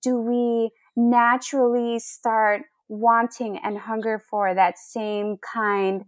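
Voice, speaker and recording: A woman guest on a podcast talking in an earnest, encouraging way, sometimes pausing to search for words. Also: on the high side, little pitch movement, no room sound, clean studio sound. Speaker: interview guest. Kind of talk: casual interview chat.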